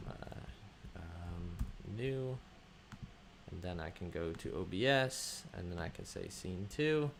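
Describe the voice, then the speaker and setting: A low, gravelly male voice, expressive and slow, comes through with a little hiss or hum. He's hosting a casual livestream, greeting viewers by name and thinking out loud with plenty of ums as he chats.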